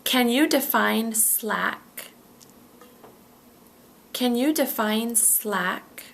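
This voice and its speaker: A woman leads a pronunciation drill at a very unhurried pace. She says each word slowly and clearly, then says it again. A gravelly edge sits under her mid-range voice. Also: fairly high pitch, animated, a bit bright. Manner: models words carefully, repeating each one. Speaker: pronunciation teacher. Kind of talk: slow, deliberate pronunciation drill.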